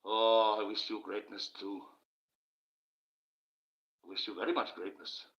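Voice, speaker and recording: A man's voice: lowish voice, little pitch movement, measured pace, a bit bright. A man hosting a live stream from home at night, giving a rambling, emphatic monologue and thanking viewers in his chat. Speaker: livestream host. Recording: roomy, dull lo-fi stream audio.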